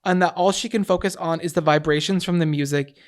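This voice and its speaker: A woman co-hosting a podcast, reading listener stories and adding emphatic, animated commentary. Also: fairly low pitch, quick pace. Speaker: podcast co-host. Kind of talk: casual chat, reading listener stories aloud.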